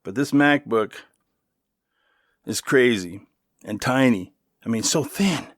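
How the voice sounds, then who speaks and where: A middle-aged man rambles through a story on his own podcast, easygoing and a little profane, with plenty of asides. His voice sits at an ordinary pitch and is recorded dry and close, with almost no room sound. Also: slow, no room sound. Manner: loose and chatty, with swearing and asides. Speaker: podcast host. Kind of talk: casual storytelling monologue.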